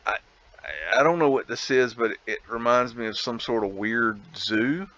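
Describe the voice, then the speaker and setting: A man's voice: medium pitch, animated, normal speed, pushed and bright, highs cut off. A man talking casually over a photo slideshow as host, musing aloud, laughing and rambling. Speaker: vlog host.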